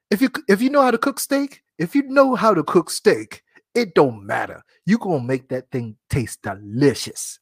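A man's voice: fairly high pitch, no echo, studio quality. Playful man talking grilling. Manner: playful, joking, laughs at himself; talks straight to listeners. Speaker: podcast host. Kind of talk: casual cooking talk.

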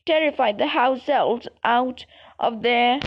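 A woman's voice: fairly high pitch, slow pace. A woman reading the lines of a fussy, genteel male ghost in an audiobook, chatty and prim. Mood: gossipy. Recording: dull lo-fi recording.

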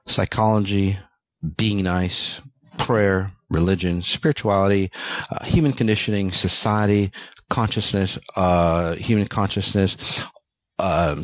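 Deep-voiced man ranting bluntly. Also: dry recording. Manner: ranting, blunt, swears, many fillers. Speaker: self-help speaker. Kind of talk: unscripted motivational monologue.

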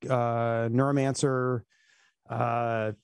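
A man's voice: medium pitch, little pitch movement, very slow, clear, resonant tone, no room sound, studio quality. A man co-hosting a casual podcast chat, talking in a loose, easygoing way. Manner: laughing, apologetic, casual. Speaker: podcast co-host.

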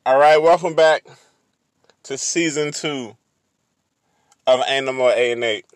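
A man hosting a podcast, talking slowly and repeating his catchphrase. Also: mid-range voice, dry recording. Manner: slow, repetitive catchphrase delivery. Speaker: podcast host. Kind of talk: casual podcast talk.

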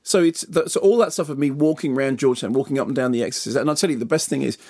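Middle-aged film critic guy rambling on in a self-mocking way, gravelly voice. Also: mid-range voice, rapid-fire, mellow, no room sound, clean studio sound. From Essex, England. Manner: rambling, self-deprecating storytelling. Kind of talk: casual chat.

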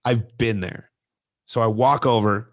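A man's voice: on the low side, fairly even intonation, unhurried. A middle-aged man, co-hosting a casual podcast and animatedly telling a youth baseball story, acting out the voices of kids and coaches.

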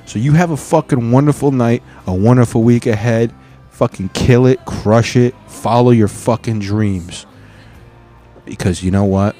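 A man's voice: medium pitch, moderate pace, mellow, faint music behind. A man hosting a podcast, signing off in a casual, profane and emphatic pep talk. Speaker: podcast host. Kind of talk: casual sign-off.

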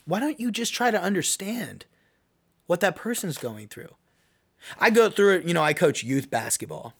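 A man's voice: high-pitched, lively intonation, moderate pace, fairly bright tone. A man hosting his own podcast, giving an earnest, rambling personal opinion monologue full of restarts. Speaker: podcast host and youth basketball coach.

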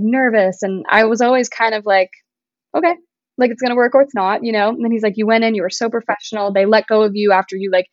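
A woman's voice: medium pitch, no room sound, muffled recording. A young woman guest on a podcast, chatting casually with lots of "like", sometimes getting emotional. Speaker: podcast guest, singer-songwriter. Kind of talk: casual interview chat.

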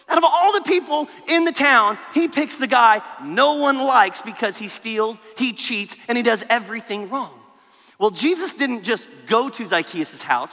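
An animated man gives a children's sermon at camp. He talks straight to the kids in a very high, bright voice. A long hall reverb follows every phrase. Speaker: camp speaker.

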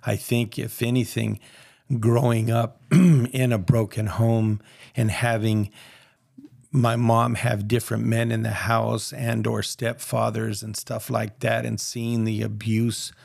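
A man's voice: medium pitch, flat delivery, slow pace, creaky, darkish tone, no echo, studio quality. A man sharing his personal testimony in a casual, earnest, rambling way, acting out the voices of people he quotes.

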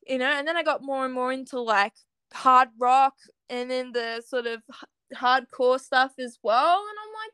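A young woman with a high, bright-pitched voice chats in a casual interview, full of fillers and easy giggles. The sound is close and dry, with no room around it. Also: normal speed, smooth, dry recording. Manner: chatty, giggly, lots of fillers. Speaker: musician guest.

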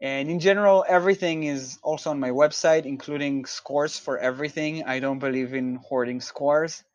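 A man's voice: a little high, fairly even intonation, moderate pace, dry recording, lo-fi sound. A man from Israel, a composer guest in a casual interview, explaining his work thoughtfully with many fillers and restarts.

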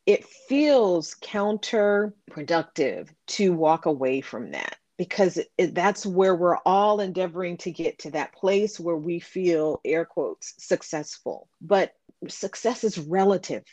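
Earnest low-voiced woman telling her story. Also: no room sound. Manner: earnest, animated storytelling with quoted dialogue. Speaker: podcast guest, business owner. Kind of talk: reflective storytelling.

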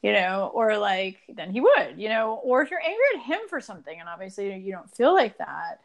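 A woman's voice: medium pitch, big pitch swings, a little fast. A woman guest on an interview, explaining relationship advice in an earnest, casual way with many fillers.

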